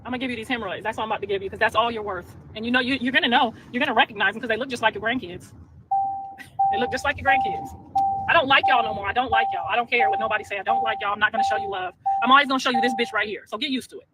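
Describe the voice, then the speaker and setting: A woman's voice: fairly high pitch, racing. A woman ranting profanely on a livestream from inside a car, combative and cursing. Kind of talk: heated livestream rant. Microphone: phone. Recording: noisy phone stream.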